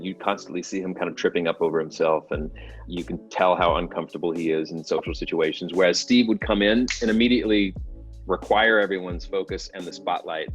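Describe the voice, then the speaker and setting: A man talks casually in an interview, fairly low in pitch. He is self-deprecating and laughs often between halting restarts. Faint music plays in the background. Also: dull audio. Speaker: actor.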